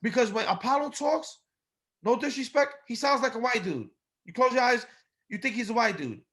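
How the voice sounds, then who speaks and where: A man co-hosting a podcast, chatting casually and bluntly about a wrestling show, animated and quick to mock. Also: very high-pitched. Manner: blunt, animated, swears, mocking. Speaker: podcast co-host. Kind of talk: casual wrestling review chat.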